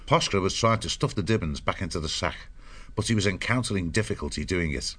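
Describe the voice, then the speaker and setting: A man narrating an animal adventure audiobook in a measured storytelling way. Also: sits low, lively intonation, fairly bright tone, slightly rough.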